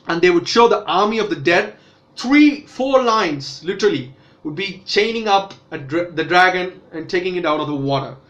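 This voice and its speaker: A man's voice: high voice, a bit bright, highs cut off. A man casually reviewing a TV episode, rambling with fillers and restarts. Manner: rambling, many self-corrections and fillers. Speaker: TV show reviewer.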